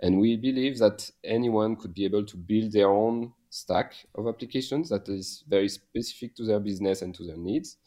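A man with a French accent answers interview questions in a low, warm, mellow voice. He talks hesitantly, with many fillers and restarts. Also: moderate pace, few pauses. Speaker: guest, software company founder. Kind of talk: casual podcast interview.

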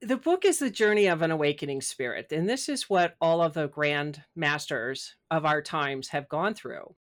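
Animated woman, low voice, spiritual talk. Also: moderate pace. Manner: animated, acts out her own inner voice. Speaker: podcast guest, author. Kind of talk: casual spiritual interview talk.

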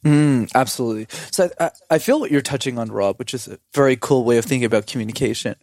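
Energetic male podcast guest, quick and animated, mid-pitched, dry close sound. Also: no room sound. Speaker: podcast guest, communication coach. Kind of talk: casual podcast chat.

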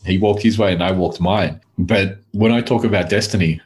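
A man with a very low voice, talking as a guest in a relaxed interview. He tells personal stories in a loose, chatty way and often stops to restart his sentences. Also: normal speed. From Mauritius. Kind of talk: casual storytelling interview.

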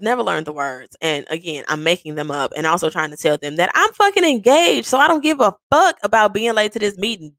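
A woman hosting a personal podcast, telling the story of her proposal to her partner in an animated, playful way. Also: mid-range voice, fairly quick, few pauses, no room sound. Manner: animated, playful, acts out quoted voices. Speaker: podcast host.

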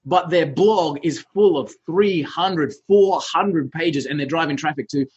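High-voiced host guy, breathy, cheering the guest on, dull lo-fi audio. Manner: enthusiastic, quick to praise. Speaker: podcast host. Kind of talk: casual interview talk.

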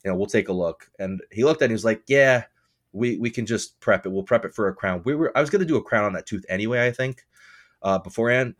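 Rambling, swearing male podcast host. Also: on the low side. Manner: rambling storytelling with profanity and laughter. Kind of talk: casual chat.

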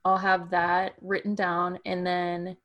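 A woman's voice: on the low side, completely flat delivery, slow pace, lo-fi sound. A woman in her thirties co-hosting a podcast, chatting casually and laughing easily. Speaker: podcast co-host. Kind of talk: casual chat.

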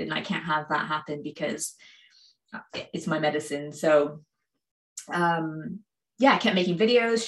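This low-pitched woman is a Canadian cycling YouTuber appearing as a guest, her Canadian accent carrying a slight British twang. In an echoey room, she chats casually about cycling in an interview, laughing often and using plenty of fillers.

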